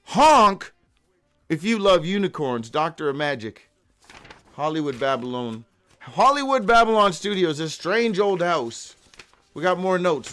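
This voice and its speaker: A high-pitched man carries a daily live show alone, skipping from one odd phrase to the next with a lot of swearing. He stumbles over his own handwritten notes and now and then breaks into a loud whoop. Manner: profane, free-associating, with sudden whoops. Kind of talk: rambling live monologue.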